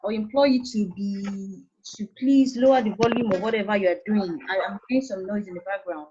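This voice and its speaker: A woman's voice: medium pitch, steady tone, a little fast, noisy background. A woman with a Nigerian accent teaching secondary school English over an online call, patient and coaxing as she calls on students by name. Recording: dull lo-fi online call audio.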